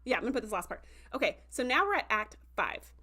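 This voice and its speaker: A young adult woman recapping an episode in a casual livestream, animated and full of fillers, acting out quoted reactions as she goes. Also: fairly high pitch, quick pace. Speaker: show reviewer.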